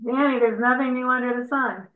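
Female class participant, higher voice, comments from the room; tinny, echoey pickup. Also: steady tone, a little fast. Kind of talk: casual chat.

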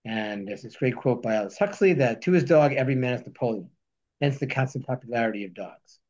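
A man teaching a text study lesson, reading Hebrew verses slowly and then explaining them. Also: mid-range voice, lively intonation, darkish tone, muffled recording. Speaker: Torah teacher.

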